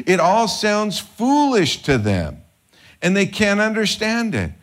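Animated conversational male preacher. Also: high voice, slow pace. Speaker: pastor. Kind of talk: sermon.

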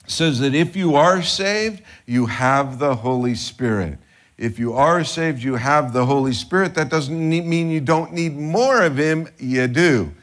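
Animated conversational male preacher. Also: mid-range voice. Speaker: pastor. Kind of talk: sermon.

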